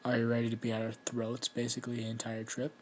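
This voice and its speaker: A man's voice: mid-range voice, monotone, fast, darkish tone, a little hiss or hum, close to an everyday voice. A man doing a sarcastic twelve-year-old girl. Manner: sarcastic, teasing.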